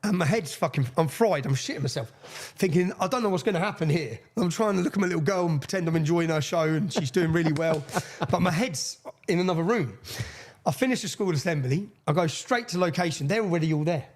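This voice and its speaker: A man, a podcast guest telling a long story with energy, swearing and acting out the people he quotes. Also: on the high side. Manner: fast, excitable, swears, acts out quoted voices. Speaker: interview guest. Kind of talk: animated storytelling in a podcast interview.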